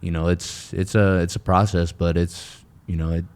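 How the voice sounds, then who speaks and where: A man with a very low voice talks as a guest in a relaxed interview, earnest and rambling. He circles back on his words, restarts sentences and leans on fillers as he tells his story of recovery. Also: moderate pace, clear, resonant tone. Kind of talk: casual interview chat.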